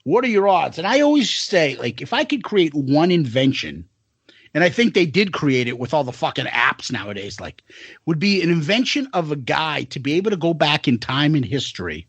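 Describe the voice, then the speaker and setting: A man's voice: a little high, sing-song, moderate pace, fairly bright tone, slightly rough, dry recording. A man in his forties co-hosting a podcast, chatting crudely and swearing a lot, acting out lines in silly voices. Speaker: podcast co-host. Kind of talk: casual chat, crude and animated.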